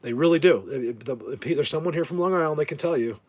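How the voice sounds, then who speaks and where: Husky rambling New man. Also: a little high, fast talker. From New Jersey. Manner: rambling, joking, many restarts. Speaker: live video host. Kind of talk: casual rambling live chat.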